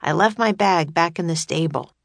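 A woman's voice: lowish voice, moderate pace, gravelly, dry recording. A woman reading a storybook and voicing a sensible, cautious young boy who talks firmly and a little sternly.

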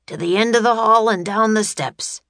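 A woman reading an audiobook, voicing a grouchy male palace guard who barks loud, threatening orders. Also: fairly low pitch, unhurried, no echo. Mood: angry barking.

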